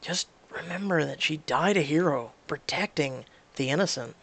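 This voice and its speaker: A woman voicing an earnest young man in a story game, speaking in a lowered voice. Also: moderate pace, breathy edge. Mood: comforting.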